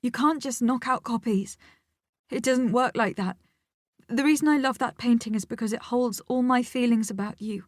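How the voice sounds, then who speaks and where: A young woman art student from an audiobook, pleading, her voice on the edge of cracking, as the woman narrator voices her. She sits a little higher than the narration and is recorded dry and close. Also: normal speed, no room sound, close to an everyday voice. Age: young adult. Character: young female art student, emotional and protective. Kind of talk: audiobook character voice.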